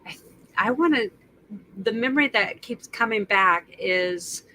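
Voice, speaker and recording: Slow, bright-voiced woman guest. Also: mid-range voice, animated, slight background noise, low-quality recording. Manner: hesitant, searching for words. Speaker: guest vlogger. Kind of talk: casual interview chat.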